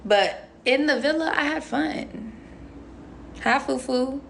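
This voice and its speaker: Speaking slowly with vocal fry, a young woman on a phone livestream, a reality show contestant, answers viewer comments in a high, fairly bright voice. She's chatty, playful and rambling, packing in lots of "um" and "like," with a little hiss or hum behind her.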